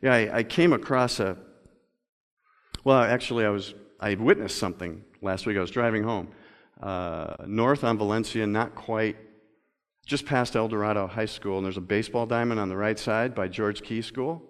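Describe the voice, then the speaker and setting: A male pastor delivering a sermon, moving between loud emphatic stretches and slow, quiet reading. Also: fairly low pitch. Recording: long reverb of a large hall.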